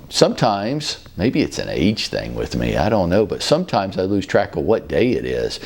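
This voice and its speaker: A man in his fifties hosting a casual talk show from his office, telling stories in a relaxed, folksy, chatty way. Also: lowish voice. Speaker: real estate brokerage leader hosting a show.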